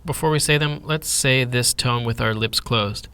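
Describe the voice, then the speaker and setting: A man teaching a pronunciation lesson, speaking deliberately and demonstrating each sound with care. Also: medium pitch, pushed and bright, clear, resonant tone. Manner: slow, deliberate, modelling sounds. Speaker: language teacher.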